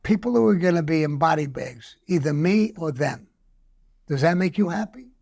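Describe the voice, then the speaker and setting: An older man tells a story, animated and profane. His voice sits a little high and has a gravelly rasp. He slips into the other people's voices as he quotes them. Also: normal speed. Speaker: guest. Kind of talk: casual storytelling.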